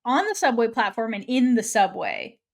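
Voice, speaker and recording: Her voice is a little high and sing-song, with a moderate pace. This young woman, a podcast co-host, chats casually through an episode recap, performing the characters' dialogue amid curses and laughs.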